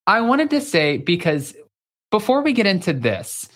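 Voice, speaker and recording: Gossipy co-host, animated, does little voices for people. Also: mid-range voice, normal speed. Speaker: podcast co-host. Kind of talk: casual chat.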